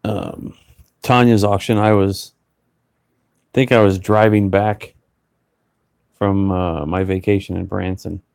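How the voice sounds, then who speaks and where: A man with a low voice rambles in a loose, casual chat full of fillers, talking like a working auctioneer. The sound is dry and close, with no room echo. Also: steady tone, gravelly, darkish tone. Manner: rambling, many fillers, bursts into rapid auction chant. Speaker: reseller and auctioneer.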